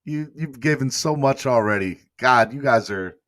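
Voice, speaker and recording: A man's voice: mid-range voice, normal speed, a bit bright, dry recording, clean studio sound. A man hosting a live fan morning show, talking emotionally and rambling as he thanks viewers and reads their comments aloud. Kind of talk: casual live-stream chat.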